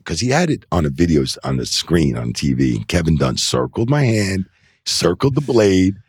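A man's voice: low voice, normal speed, husky, dry recording, studio quality. A middle-aged man, a wrestling referee, telling loose anecdotes in a casual interview and filling them with "you know" and "like.". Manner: animated anecdotes, acts out quoted voices. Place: indoor interview set.

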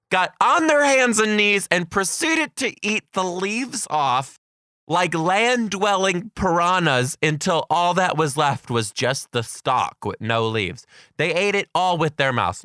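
A man hosting a comedy podcast, telling a funny classroom story and reading out supporter shout-outs in an animated, jokey way. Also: high voice, a little slow, dry recording, studio quality. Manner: animated, jokey, with voiced quotes of kids. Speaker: podcast host.

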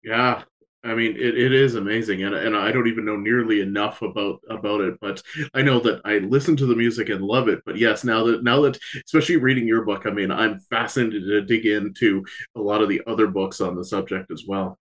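A man's voice: on the low side, fairly even intonation, fairly quick, a bit bright. A man interviewing a music manager, asking his questions in eager, searching phrasing. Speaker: interviewer, host.

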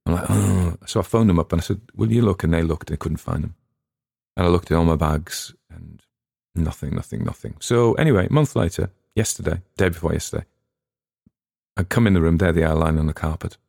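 A man's voice: deep voice, a little fast, vocal fry, darkish tone, slightly rough, no room sound, clean studio sound. An English man hosting a podcast, chatting casually in a rambling, digressive way with frequent restarts. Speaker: podcast host and reader.

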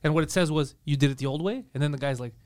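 A man co-hosting a podcast, telling stories in fast, profane, excitable casual chat. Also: on the high side. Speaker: podcast co-host.

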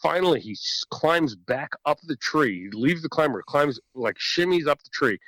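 Animated, profane man telling a story. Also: on the high side, moderate pace, no room sound, low-quality recording. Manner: animated, profane, laughs often. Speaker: podcast guest or host telling a hunting story. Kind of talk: casual storytelling. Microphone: podcast microphone.

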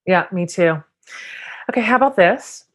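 A woman hosting a podcast, talking loosely and warmly, with plenty of "like" and quick agreement. Her voice sits on the lower side and the talk is relaxed and conversational. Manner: warm, enthusiastic, filler-heavy questions. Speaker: podcast host. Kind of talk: casual interview chat.

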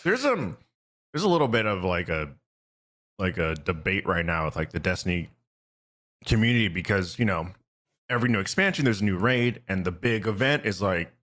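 Low-voiced man telling gaming stories. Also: moderate pace. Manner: rambling, animated storytelling with many fillers. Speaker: podcast co-host. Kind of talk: casual chat.

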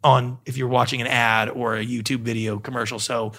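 A middle-aged man, a guest on an interview, explaining ideas in a lively conversational way and acting out little quoted exchanges. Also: mid-range voice, fairly quick. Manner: animated storyteller acting out quoted voices. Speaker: guest, TV producer and pitch coach.

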